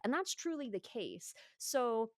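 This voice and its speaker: A woman's voice: a little high, very animated, unhurried, no echo, clean studio sound. A woman from Yorkshire co-hosting a true-crime podcast, explaining in a chatty way with lots of filler words. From Yorkshire, England. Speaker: podcast co-host. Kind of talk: casual true-crime chat.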